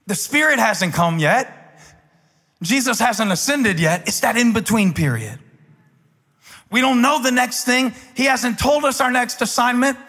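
A man preaching a sermon as pastor, building from quiet talk to impassioned shouting. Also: very high voice, very animated, measured pace. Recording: large hall with long reverb.

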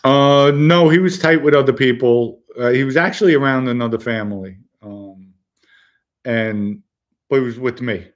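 A man tells stories in a loose, casual chat. He speaks bluntly, swears freely and laughs at his own jokes, his voice sitting in a plain middle pitch. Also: moderate pace. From the Bronx, New York. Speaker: podcast host telling stories.

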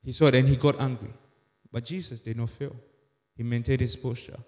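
A pastor preaching a sermon in a church, emphatic with many rhetorical questions. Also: male voice, mid-range voice, fairly even intonation, a little fast, darkish tone. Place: church sanctuary. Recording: echoey church hall.

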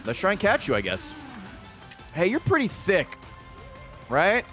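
Wildly animated, swearing gamer man. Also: sits high, measured pace, faint music behind. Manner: profane, excitable running reactions. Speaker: video game streamer. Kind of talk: casual gameplay commentary.

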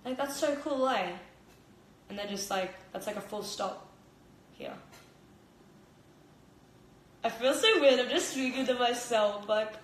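In her home kitchen, a young Australian fighter chats casually on a live stream through her phone camera, rambling, giggling and saying "like" a lot. Her voice is a little high at a normal speed, and the kitchen gives a roomy echo.

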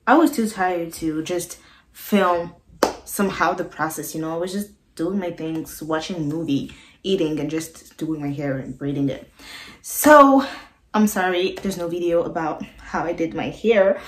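A woman chatting casually to camera as an art vlogger, often pausing to search for the right word. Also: on the low side. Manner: chatty, searches for words, many fillers. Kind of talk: casual vlog chat to camera. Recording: roomy echo with background music. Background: music playing.

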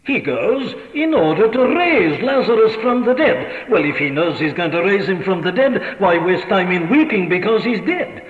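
In a lo-fi archive recording from an echoey hall, a man preaches a sermon with impassioned emphasis, firing off question after question and repeating his points. His voice is high and very animated, moving at a moderate pace with hardly any pauses.

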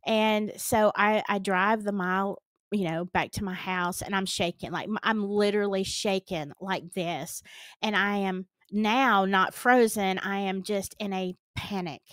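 A woman's voice: mid-range voice, steady tone, unhurried, a bit bright, no echo. A middle-aged woman with a Southern US accent, earnestly and dramatically retelling a personal story on her vlog. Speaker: storytime vlogger.

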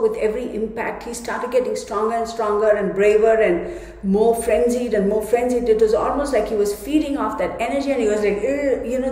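A woman's voice: a little high, mellow. A woman giving a tarot reading to her viewers in a rambling, emphatic casual monologue. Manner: rambling, emphatic, with many restarts. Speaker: tarot reader. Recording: echoey room with long reverb.

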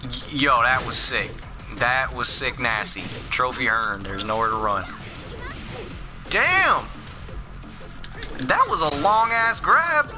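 A young man casually commenting on a fighting game as he streams it, excitable and quick to swear and laugh. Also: medium pitch, over music. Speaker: gaming streamer.

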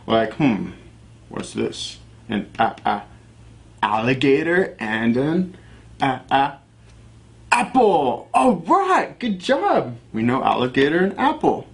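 A young man teaching a children's alphabet lesson, encouraging and sounding out each letter slowly. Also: mid-range voice, very animated, gravelly. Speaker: phonics teacher.

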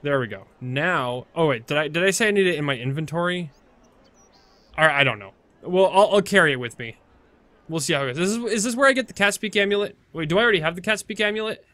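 A man's voice: a little high, lively intonation, fast, sharp tone, dry recording. A man casually commenting on his own gameplay, rambling, chatty and full of fillers as he corrects himself. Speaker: video game let's-play host.

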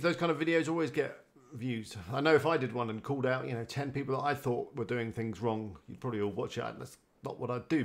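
A man chatting casually on a live stream, rambling and greeting viewers by name. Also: medium pitch. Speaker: live-streaming website builder.

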